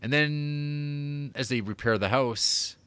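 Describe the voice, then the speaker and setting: A man co-hosting a casual podcast, rambling about horror movies with lots of fillers, swearing and excited tangents. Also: fairly high pitch, slow, clear, resonant tone. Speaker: podcast co-host reviewing movies. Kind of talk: casual chat.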